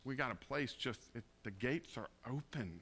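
A man preaching a conversational sermon, moving between quiet, tender passages and loud emphatic bursts. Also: mid-range voice, animated, normal speed, breathy edge. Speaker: pastor.

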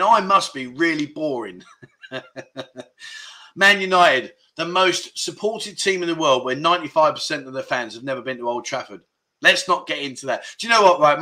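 Man, livestream host, bright voice, somewhat high, chatty with fillers. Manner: chatty, reads out chat comments, frequent fillers. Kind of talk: casual livestream chat reading viewer comments.

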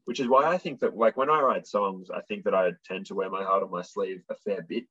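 A man's voice: low-pitched, a little fast, breathy edge, dull audio. A man with an Australian accent, a guitarist and songwriter chatting casually as an interview guest, blunt and swearing as he tells stories. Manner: blunt, swearing, animated storyteller. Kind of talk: casual chat.

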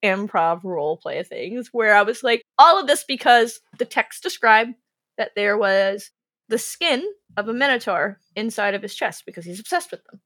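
A woman game master telling tabletop stories in casual chat, animated and quoting her players. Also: medium pitch, normal speed, no room sound. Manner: animated, quotes players in lively voices. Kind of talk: casual podcast storytelling.

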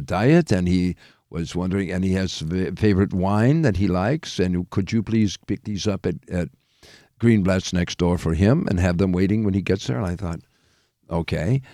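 A man's voice: low-pitched, normal speed, a little mellow, no echo, clean studio sound. A man who hosts a radio morning show, chatting as a guest and telling long anecdotes full of fillers, restarts and laughter. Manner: rambling storyteller with frequent fillers and laughs. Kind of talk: casual anecdotal chat.

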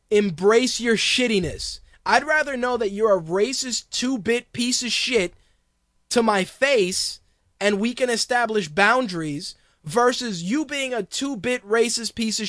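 A man's voice: high voice, lively intonation, a little slow, a bit bright, no echo, clean studio sound. A man hosting a podcast, ranting bluntly and crudely in a heated, profane monologue. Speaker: podcast host.

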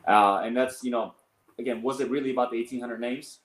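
A man in his thirties, a guest on an interview show, telling stories in an animated, rambling way with many fillers. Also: medium pitch, fast talker. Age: 30s. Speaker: guest, business owner and coach. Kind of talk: casual storytelling interview. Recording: roomy echo.

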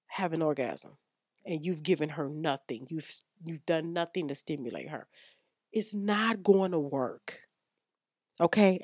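A woman's voice: fairly low pitch, no room sound, clean studio sound. A woman hosting a frank sex-advice podcast, blunt and slangy as she lectures her listeners. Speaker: podcast host.

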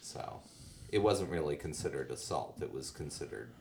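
A man co-hosting a casual podcast, adding slow, offhand remarks. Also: extremely low pitch, lively intonation, gravelly, noisy background. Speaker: podcast co-host. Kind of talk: casual chat.

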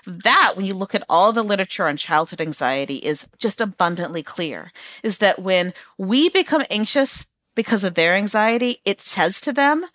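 A woman's voice: mid-range voice, moderate pace, dry recording. A middle-aged woman, a former teacher, giving parenting advice in an interview and acting out little scenes of parent and child. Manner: animated, acts out parent and child voices. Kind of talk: interview answers.

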